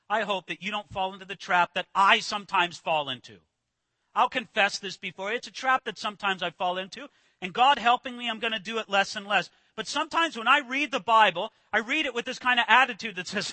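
A man preaching a sermon, swinging from loud emphatic declarations to hushed, low passages, and acting out quoted lines. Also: no room sound. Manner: dramatic swings from shouting to near-whisper; acts out quoted voices with emphasis. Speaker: pastor.

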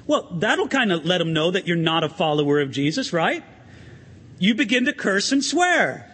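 A pastor preaching an animated sermon in a church, asking the congregation questions and swinging his emphasis up and down. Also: sits high, normal speed, long reverb tail.

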